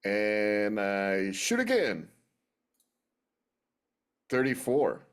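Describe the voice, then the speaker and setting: A man's voice: lowish voice, sing-song, drawn-out words, smooth. A man playing a tabletop game in a casual, playful way, with sound effects. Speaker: player.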